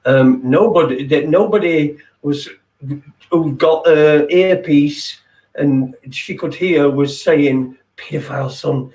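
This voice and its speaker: A man in a casual round-table chat, rambling in a halting way and swearing. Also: a little high, darkish tone, reverberant, poor audio.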